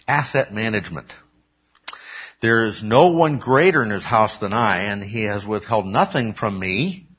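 A man's voice: on the low side, expressive, a little slow, slightly rough. A man preaching a conversational sermon, often checking in with "okay?" and acting out quoted lines. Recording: dull lo-fi recording.

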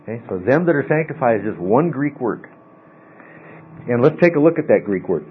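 A man's voice: medium pitch, big pitch swings, brisk. Man teaching a Bible lesson over tinny audio. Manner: explanatory, often asks okay. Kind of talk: classroom Bible study lesson. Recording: tinny phone-like audio, faint mains hum.

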